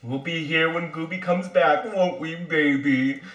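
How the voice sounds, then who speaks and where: A man's voice: a little high, a little slow, fairly bright tone, muffled recording. A man reading a doting father who coos sing-song baby talk in an amateur play reading. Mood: cooing. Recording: echoey room.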